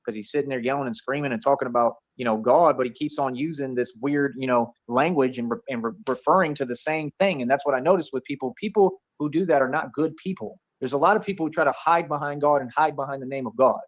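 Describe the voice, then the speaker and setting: A man's voice: mid-range voice, fast, hardly any pauses, muffled recording. A man ranting in a rambling, boastful, accusatory way on a livestream, repeating himself as he goes. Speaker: streamer being reviewed.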